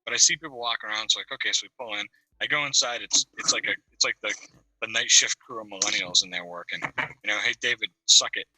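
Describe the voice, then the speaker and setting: A man on a video call telling a profane, animated story with bursts of laughter. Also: lowish voice, fast talker, dry recording, low-quality recording. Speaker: caller on a video call-in panel. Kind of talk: casual storytelling.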